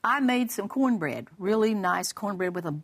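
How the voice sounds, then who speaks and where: Animated woman telling a funny story. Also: medium pitch, moderate pace. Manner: lively storytelling, acting out dialogue; humorous, laughs while telling. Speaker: guest speaker. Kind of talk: personal testimony on a Christian broadcast.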